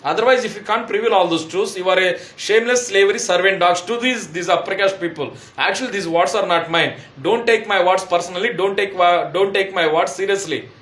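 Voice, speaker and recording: A man's voice: high voice, brisk, hardly any pauses, a bit bright, echoey room. A man from India with an Indian English accent, giving an urgent, pleading personal testimonial that circles back and repeats itself. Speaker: testimonial speaker.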